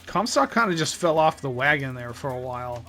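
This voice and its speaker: A man's voice: mid-range voice, big pitch swings, brisk, pushed and bright, a little hiss or hum. A man playing a game while chatting casually, easygoing. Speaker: podcast co-host playing the game. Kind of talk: casual chat over gameplay.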